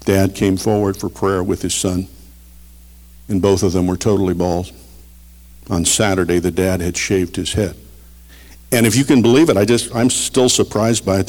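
A middle-aged man preaching a sermon, earnest and storytelling, swinging between loud emphasis and quiet. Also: fairly low pitch. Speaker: pastor. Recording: long reverb of a large hall.

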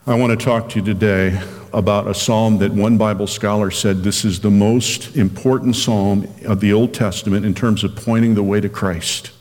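A man preaching a radio sermon as pastor, earnest and direct, slowing down and lifting his voice when he reads scripture. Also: fairly low pitch, fairly even intonation, darkish tone, long reverb tail. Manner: earnest, slows down and lifts his voice reading scripture.

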